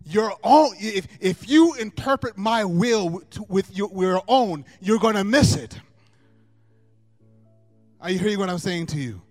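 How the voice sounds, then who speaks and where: A man preaching a sermon, emphatic, swinging from soft asides to loud, drawn-out proclamations. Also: high-pitched, expressive. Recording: long hall reverb with faint music.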